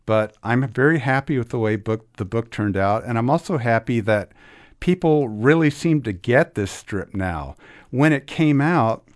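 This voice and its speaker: A man's voice: medium pitch, lively intonation, measured pace. A middle-aged man talking enthusiastically about restoring old comics, with many restarts. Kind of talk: casual interview talk.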